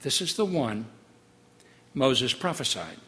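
A man preaching a sermon as pastor, emphatic, repeating key phrases and sinking to a soft hush. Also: medium pitch, very animated, takes it slowly, long reverb tail.

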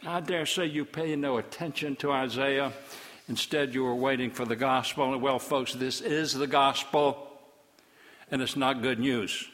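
A man's voice: medium pitch, fairly even intonation, measured pace, a bit bright, big-room sound. A man preaching a sermon in a church, emphatic and reproachful, asking his congregation pointed rhetorical questions.

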